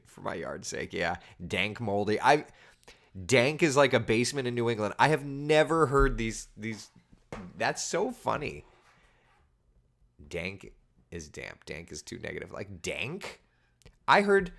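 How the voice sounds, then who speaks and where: A man, chatting casually as a weather host and reading out viewer comments with animated, incredulous asides. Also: on the low side, a little slow, gravelly, pauses often. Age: 30s.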